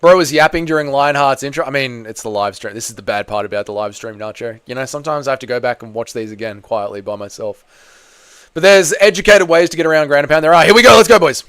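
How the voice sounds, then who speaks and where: A man's voice: mid-range voice, animated, fast, fairly bright tone, clear, resonant tone. A young man hosting a live fight watch-along, chatting casually and joking while answering the chat. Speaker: host.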